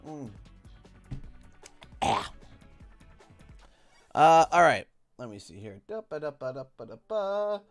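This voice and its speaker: A man's voice: medium pitch, lively intonation, extremely slow, pauses often, faint music behind. Rambling Canadian man streaming a game. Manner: rambling, talks to himself while clicking through menus. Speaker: gaming live streamer. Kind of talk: casual live-stream gaming commentary.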